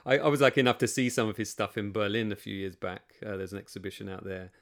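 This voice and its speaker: A man's voice: on the low side, steady tone, fast, a bit bright. A male podcast host in casual interview, giving enthusiastic, affirming interjections.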